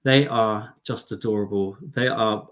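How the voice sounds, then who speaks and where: A man from the United Kingdom hosting a live stream, talking to his viewers in a chatty, excitable way and calling them darling and lovelies. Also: fairly low pitch, measured pace.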